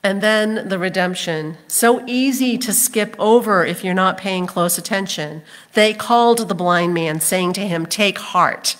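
A woman's voice: medium pitch, measured pace, hardly any pauses. A woman pastor delivering a sermon, telling the story expressively and acting out the crowd's voices. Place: church sanctuary.

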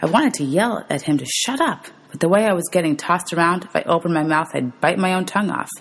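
A woman teacher reads a novel aloud to her class. Her voice is low and husky, with a gravelly fry at the ends of phrases. She tells the story steadily and calls out page numbers. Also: expressive, fast talker, rough recording. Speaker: teacher reading to her students.

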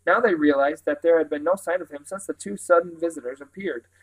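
Brief: male audiobook reader, steady narration, a bit high-pitched. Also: a little fast, rough recording. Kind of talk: audiobook reading of a novel.

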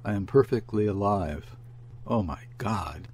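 Man voicing a rough, wary peasant husband. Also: on the low side, measured pace, a little mellow, slight background noise, natural voice. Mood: alarmed. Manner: rough, mocking calls.

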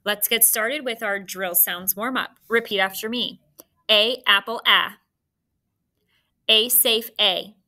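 A woman teacher with a very bright, sharp tone speaks slowly and deliberately. She leads a phonics drill, saying each letter and key word so children can repeat it. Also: medium pitch. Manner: slow, clear call-and-response drilling. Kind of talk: classroom video lesson, phonics drill.

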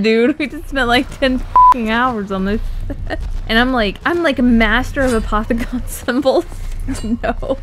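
A woman's voice: on the high side, unhurried. A young woman playing a video game with friends, chatting casually, swearing a lot and ranting in exasperation. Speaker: gamer. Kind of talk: casual gaming chat. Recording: noisy game capture audio.

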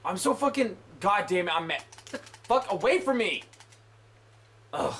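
A man's voice: sits high, expressive, moderate pace, a bit bright. A young man giving let's play commentary, swearing in exasperated outbursts. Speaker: gamer.

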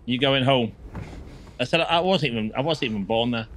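In his live gameplay commentary, a man with a mid-range, slightly bright voice talks to viewers at a moderate pace, with slight background noise. When something leaps out, he curses and yelps.

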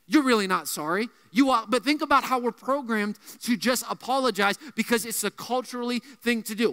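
A man preaching a youth sermon as pastor, emphatic and repetitive, dropping his voice low to land key points. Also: bright, forceful tone, clean tone, big-room sound. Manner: emphatic, repeats key phrases, drops low on punch lines.

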